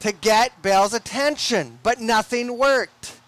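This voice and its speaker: A young man preaching a sermon in a deliberate, emphatic way, often repeating his words. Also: extremely high pitch, fairly bright tone, no echo. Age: young adult.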